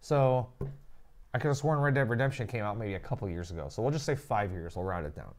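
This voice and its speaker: A man's voice: on the low side, expressive, quick pace, a little mellow. A young man co-hosting a casual gaming and tech live stream, joking and rambling. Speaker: stream co-host.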